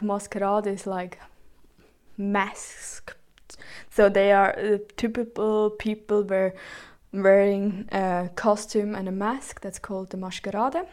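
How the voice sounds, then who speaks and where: A woman's voice: mid-range voice, darkish tone. A woman from Switzerland with a Swiss German accent, giving an informal spoken presentation in hesitant English full of fillers and the odd German word. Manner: hesitant, many "like" and "um" fillers, slips into German words.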